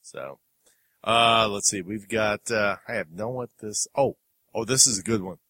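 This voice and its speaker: Bright-toned chatty podcast host. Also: male voice, lowish voice, a little slow, no room sound. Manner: rambling, chuckling, many fillers. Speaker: podcast host playing film clips. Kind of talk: casual chat.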